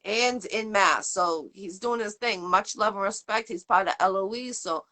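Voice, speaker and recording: A woman's voice: mid-range voice, normal speed. A woman hosting an interview show, chatting in a rambling, upbeat way with lots of fillers. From Boston area, USA. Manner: rambling, upbeat, full of shout-outs and fillers. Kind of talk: casual interview chat.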